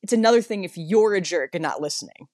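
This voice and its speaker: Fast-chatting woman podcast co-host. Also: on the low side, lively intonation, darkish tone, no room sound, studio quality. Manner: fast, self-interrupting, acts out quoted dialogue. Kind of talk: casual chat.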